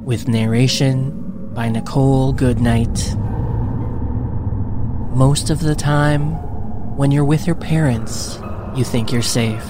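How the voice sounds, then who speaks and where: A man hosting a story podcast, introducing the next story in a measured, deliberate way. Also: medium pitch, fairly even intonation, music in the background. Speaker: podcast host.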